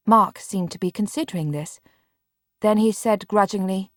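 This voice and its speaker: A woman reading a children's audiobook in calm, measured scripted narration on a close studio mic. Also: mid-range voice, no echo.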